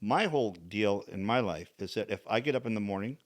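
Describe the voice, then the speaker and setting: Folksy, preachy man, lowish voice. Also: animated, brisk. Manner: preachy, folksy, repeats phrases. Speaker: podcast co-host. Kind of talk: casual chat.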